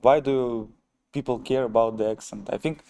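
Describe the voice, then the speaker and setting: A man with a strong Russian accent hosts a relaxed live stream, addressing his viewers as ladies and gentlemen. His voice is mellow and warm, and he sits in the middle range for pitch. He talks in a wry, self-mocking way. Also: normal speed. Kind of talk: casual live-stream chat, reading viewer comments.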